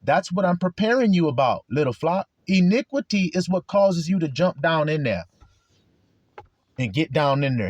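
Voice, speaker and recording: A man's voice: fairly high pitch, lively intonation, moderate pace, a little mellow, breathy edge, dry recording. A man preaching a sermon to his flock in a blunt, profane way, acting out quarrels in other people's voices.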